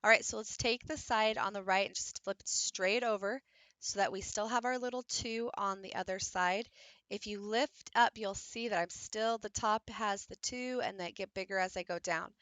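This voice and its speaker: Bright-voiced woman teaching a craft. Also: medium pitch, steady tone, normal speed, dry recording. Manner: patient step-by-step explaining, demonstrating while working. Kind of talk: instructional craft tutorial.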